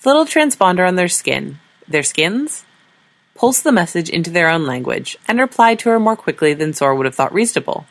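A woman's voice: fairly low pitch, big pitch swings, fairly quick. A woman narrating a science fiction story in a dry, wry storytelling manner.

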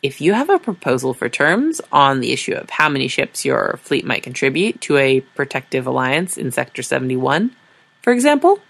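A woman's voice: very deep voice, big pitch swings, moderate pace, vocal fry, full character voice. A woman voicing a weary, exasperated diplomat who speaks in a dry, sardonic way.

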